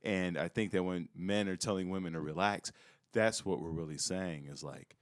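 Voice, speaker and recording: A man with a very low voice speaks in a lively podcast chat, playing out little scenes with quoted lines. The sound is dry and close. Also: moderate pace, dry recording. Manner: animated, acts out quoted lines. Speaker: podcast guest, comedian and life coach.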